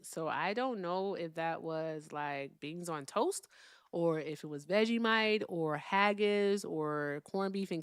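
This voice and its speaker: A woman's voice: fairly low pitch, smooth, dry recording, clean studio sound. Chatty woman hosting a live call-in stream. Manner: chatty, swings between loud and hushed asides. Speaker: livestream host. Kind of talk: casual call-in chat.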